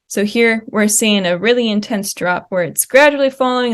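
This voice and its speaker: Young woman, mid-pitched, presenting research at a conference, explanatory, plain delivery with some uh and um. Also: normal speed, hardly any pauses. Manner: explanatory, walks through slide examples; uses fillers like uh and um.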